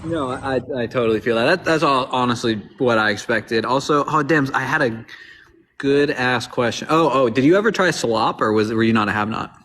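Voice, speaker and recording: A man chatting casually on a livestream, quick to laugh and react. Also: mid-range voice, a bit bright, slight background noise. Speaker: livestream guest.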